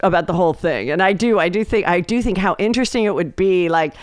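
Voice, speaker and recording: Animated storytelling woman, smooth voice. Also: fairly low pitch, quick pace, no echo, clean studio sound. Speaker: comedian guest. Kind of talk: casual podcast chat. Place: podcast studio.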